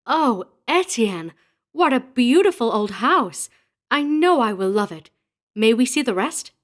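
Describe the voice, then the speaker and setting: A man voicing an excited, affectionate young woman, the narrator's fiancée, in a horror audiobook. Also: sits high, moderate pace, pitched above the performer's own voice. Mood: eager. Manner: bright, eager, gushing.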